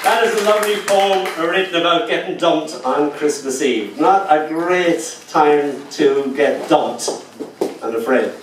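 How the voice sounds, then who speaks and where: A man's voice: fairly high pitch, a little slow. A man giving a live poetry reading, mixing rhythmic recited verse with dry, wry asides. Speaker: poet. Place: live reading venue indoors. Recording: echoey room, distant mic, faint noise.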